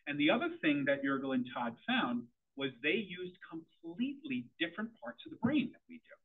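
A middle-aged man presents to a room of parents, firing questions at them in an animated, up-and-down delivery. His voice is a little husky and sits fairly high for a man. The sound is thin and tinny, like a phone line. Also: fairly quick. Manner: animated, quizzes the audience.

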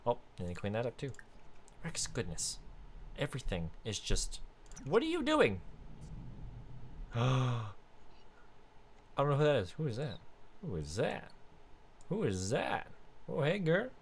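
A man hosting a casual let's-play, chatting through his game and now and then bursting into excited high squeals. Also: moderate pace, pauses often, a little hiss or hum. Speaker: gaming video host.

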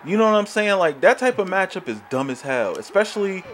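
A young man rants through a wrestling game in profane let's-play commentary, his pitch high for a man and leaping about wildly as he gets angry. He swears constantly and grumbles at the controls. A faint hum of noise sits under his voice. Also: sing-song, fairly quick. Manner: frustrated, ranting, swears often. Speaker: gaming YouTuber.

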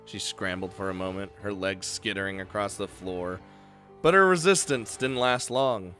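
A man's voice: on the low side, normal speed, a bit bright, faint music behind. Young man reading a game aloud, joking. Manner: joking, swears, laughs between lines. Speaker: let's play player.

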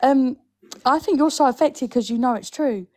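A woman's voice: sits high, normal speed, a little mellow. A woman calling in, blunt and teasing, pressing her point with questions. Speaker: caller. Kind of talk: casual argument.

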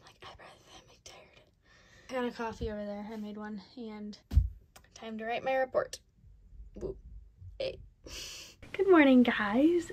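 A woman's voice: fairly high pitch, warm tone. A twenty-year-old woman from southeastern Michigan talking casually to camera in a vlog, chatty and rambling with lots of "like" and "um". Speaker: vlogger.

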